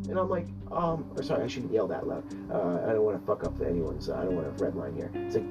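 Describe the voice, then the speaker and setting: A storyteller recounts events in a loose, animated way, pitch swinging widely and full of curses and restarts. The voice sounds a little distant from the mic. Faint guitar music plays behind. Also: brisk, dull audio. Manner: animated, profane, rambling with restarts. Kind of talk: casual personal storytelling.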